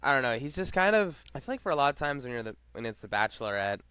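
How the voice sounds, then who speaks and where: A man's voice: mid-range voice, sing-song, rapid-fire, pushed and bright, smooth, dry recording. A man co-hosting a podcast in casual chat, rambling with lots of fillers and laughing. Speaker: podcast co-host.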